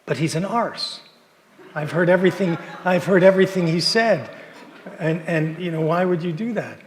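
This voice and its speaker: A man's voice: high-pitched, normal speed, long reverb tail, a little hiss or hum, voice pushed up, close to an everyday voice. A man doing a blunt young English barista girl. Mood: indignant.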